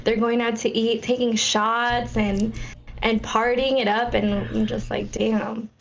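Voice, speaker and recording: A woman's voice: fairly high pitch, little pitch movement, unhurried, creaky, highs cut off. A young woman co-hosting a podcast in casual chat, bubbly and full of fillers and laughs. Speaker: podcast co-host.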